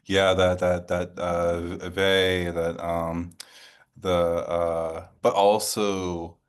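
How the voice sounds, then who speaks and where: A man's voice: low-pitched, flat delivery, clean tone. A man from New Orleans hosting an interview in a conversational way, often rephrasing and circling as he shapes his questions. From New Orleans, USA. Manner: halting, rephrases a lot while forming questions. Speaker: interview host.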